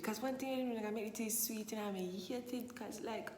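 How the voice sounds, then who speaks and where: A woman's voice: fairly high pitch, steady tone, moderate pace, few pauses. A young woman, chatting animatedly and emphatically in a casual Q&A vlog, repeating phrases for effect. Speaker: vlogger. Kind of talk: casual Q&A monologue. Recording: echoey room with long reverb, faint hiss.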